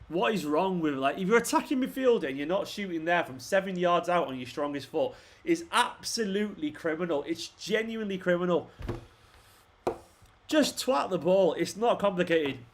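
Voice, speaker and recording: A young man talks through a live football match for his stream, a touch higher-pitched than most men. He shouts at the players on screen, swears freely and rants when they miss chances. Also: lively intonation, normal speed, slight background noise. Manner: frustrated ranting, swearing, talking to the players on screen. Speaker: fan channel host. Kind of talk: live football watchalong commentary.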